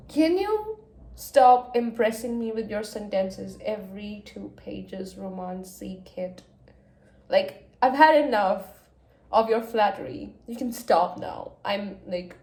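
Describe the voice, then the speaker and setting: A young woman reacting emotionally to a book in a casual reading vlog, going from hushed gushing to loud exasperation. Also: on the high side, lively intonation, unhurried. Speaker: book vlogger. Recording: echoey room.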